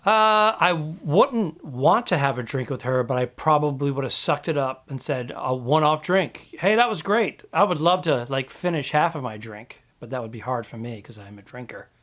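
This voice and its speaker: A man's voice: medium pitch, expressive, moderate pace, few pauses, fairly bright tone. A man co-hosting a comedy podcast, bantering and throwing in teasing questions. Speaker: podcast co-host.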